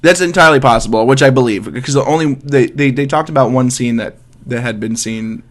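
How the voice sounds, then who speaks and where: A man's voice: mid-range voice, fairly quick. Laid-back male podcast co-host. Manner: laid-back, rambling with many "like"s, laughs often. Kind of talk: casual banter podcast.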